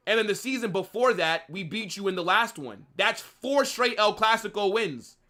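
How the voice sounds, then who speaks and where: A young man runs a live football watch-along and spars with his chat, mocking and needling the commenters. His voice sits high and bright, and his pitch swings widely as he talks. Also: animated, moderate pace.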